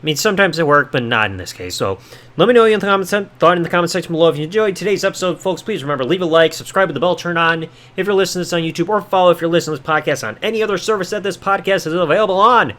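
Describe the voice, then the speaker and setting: A man's voice: sits high, rapid-fire, a bit bright. A male podcast host recapping a show in casual commentary, sarcastic and offhand, with some swearing.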